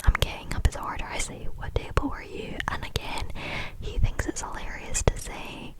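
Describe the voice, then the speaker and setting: A young adult woman vlogger rants about a bad day at work in a whispered ASMR style, telling the story chattily with lots of fillers. She speaks at a moderate pace, and the audio quality is poor.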